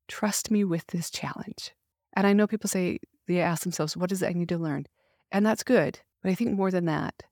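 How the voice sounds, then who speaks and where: A woman's voice: fairly low pitch, a little mellow, breathy edge, dry recording, studio quality. A middle-aged woman hosting a faith podcast, speaking in an earnest, heartfelt, emphatic way. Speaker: podcast host. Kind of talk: faith devotional talk.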